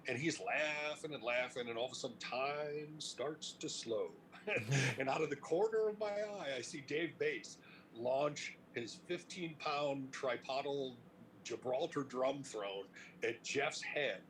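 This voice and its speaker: Interview guest, middle-aged man from Cleveland; animated, swearing storyteller, mid-pitched voice. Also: measured pace, slight background noise, rough recording. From Cleveland, United States. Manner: animated, profane storyteller who laughs as he talks. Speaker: interview guest, music industry veteran.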